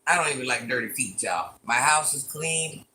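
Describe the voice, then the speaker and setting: A woman's voice: a bass voice, expressive, moderate pace, pushed and bright, slight background noise. A woman around fifty chatting on a phone livestream from her living room, reading viewer comments aloud and teasing back in a playful, repetitive way. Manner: chatty and teasing, repeats lines playfully, calls herself Granny.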